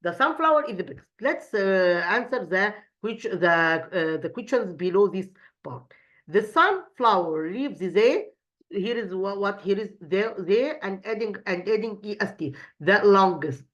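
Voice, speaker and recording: A woman, an Arabic speaker, teaching an English lesson in a halting way, repeating words and asking questions that she answers herself. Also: mid-range voice, highs cut off. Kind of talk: recorded classroom lesson.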